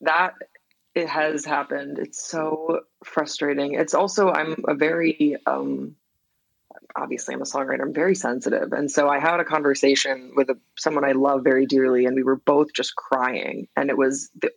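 A woman's voice: a bass voice, fairly even intonation, moderate pace, gravelly, no echo, low-quality recording. A woman songwriter as a podcast guest, talking in a reflective, candid way and using lots of "like" fillers. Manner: reflective, filler-heavy, frequent laughs. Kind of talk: candid interview conversation.

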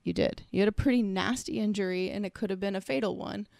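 Earnest woman chatting on a podcast, bit of vocal fry, dry close sound. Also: mid-range voice, steady tone, fast, darkish tone, dry recording. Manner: earnest and reflective, speaks in long searching sentences. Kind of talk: casual conversation.

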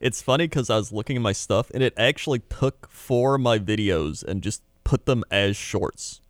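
A man's voice: fairly low pitch, moderate pace, no echo, studio quality. A man, a content creator, chatting casually in a laid-back, jokey way. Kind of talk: casual chat.

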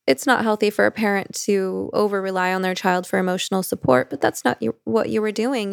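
A woman interviewing a guest, speaking in measured, affirming reflections. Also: medium pitch, creaky, clean tone, no echo, clean studio sound.

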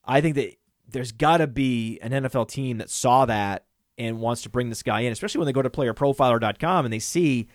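Excitable man rattling off lists. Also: medium pitch, fairly quick, no echo, studio quality. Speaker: podcast co-host. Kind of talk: casual podcast discussion.

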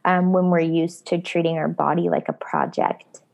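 A young adult woman, a running coach and host, talking in a slow, reflective way and softly repeating phrases in casual conversation. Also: fairly low pitch, fairly even intonation, vocal fry.

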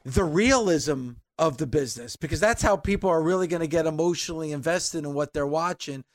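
A man hosting a podcast, measured as he sums up and reads the outro. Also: on the high side, dry recording. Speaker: podcast host.

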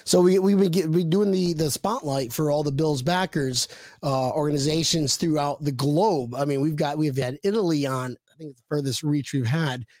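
A man hosting a casual sports fan podcast, excitable and chatty with lots of fillers. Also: on the high side, moderate pace, no room sound, clean studio sound. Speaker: podcast host.

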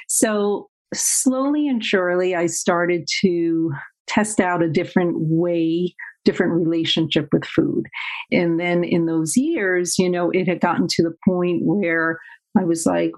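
A woman's voice: on the low side, steady tone, unhurried, rough recording. An older woman, a therapist guest telling her story in an interview, with frequent laughs and fillers. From Queens, New York. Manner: warm, laughs often, many fillers.

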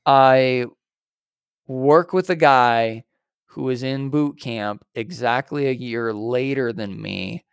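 A young man with a medium-pitched voice tells a story on a podcast in a loose, animated way. He acts out the people in it and swears casually. The recording is dry and close. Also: takes it slowly, gravelly, smooth, dry recording. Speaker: podcast co-host.

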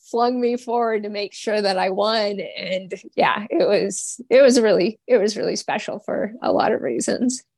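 A young woman, a cyclist, talking as a guest in a casual podcast chat, halting with many fillers and restarts. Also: fairly high pitch, dry recording.

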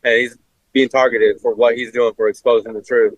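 A man's voice: medium pitch, flat delivery, a little fast, no echo, lo-fi sound. A man interviewed on the street by a stream reporter, speaking insistently.

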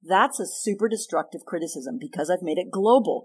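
A middle-aged woman therapist speaking as a podcast guest, animated and emphatic, teaching with self-deprecating asides. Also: fairly low pitch, fairly quick, slightly rough. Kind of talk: podcast interview.

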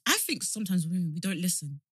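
A woman's voice: lowish voice, lively intonation, fast talker, husky, no echo, clean studio sound. A woman co-hosting a podcast, chatting casually with lots of laughs and slang. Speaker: podcast co-host. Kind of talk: casual chat.

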